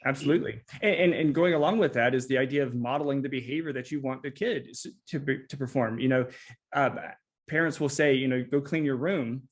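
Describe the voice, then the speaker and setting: A man co-hosting a psychology podcast, conversational, who affirms often and tells lively everyday anecdotes. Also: medium pitch, fast talker, breathy edge.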